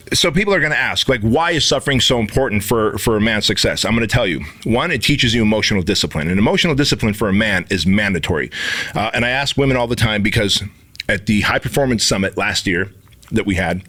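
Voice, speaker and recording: A man co-hosting a podcast, telling stories in an animated, profane way and acting out the quotes in them. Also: lowish voice, quick pace. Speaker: podcast co-host and instructor. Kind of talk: casual podcast conversation.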